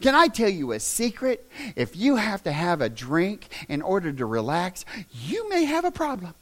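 Southern preacher guy, real high pitched and bright, folksy plain talk, hollers then goes quiet. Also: huge pitch swings, normal speed. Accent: Southern American. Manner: fiery, shouting preacher who swings from loud to hushed. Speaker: pastor. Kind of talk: sermon.

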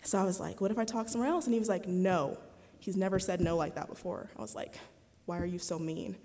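A woman's voice: medium pitch, rapid-fire, mellow. Chatty eighteen-year-old woman in a chapel. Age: 18, young adult. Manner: chatty, candid, filler-heavy storytelling. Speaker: student chapel speaker. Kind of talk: personal testimony talk. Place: chapel before an audience. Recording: long reverb of a chapel hall.

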